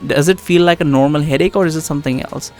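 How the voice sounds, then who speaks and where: Guy reading as a worried girl asking what's wrong, a bit high for a man, music faint behind. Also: quick pace, a little mellow, close to an everyday voice. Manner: concerned questioning. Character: worried young woman friend.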